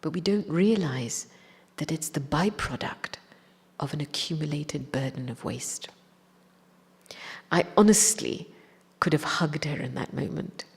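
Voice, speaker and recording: A woman with a slightly low, breathy voice tells a personal story at a spiritual gathering. Her telling is reflective and gentle. The sound carries a long reverb from a large hall. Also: unhurried. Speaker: spiritual speaker.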